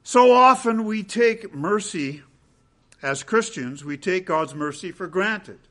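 A man preaching a sermon as pastor, swinging between loud emphatic peaks and hushed low passages, with rhetorical questions. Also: lively intonation, takes it slowly.

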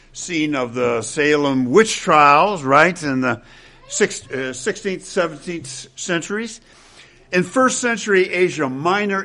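An older male pastor with a bright, forceful tone and a slightly raised pitch, pressing his points hard. He teaches verse by verse and slips in wry asides to his listeners. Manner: emphatic, wry asides to the congregation. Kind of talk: expository sermon.

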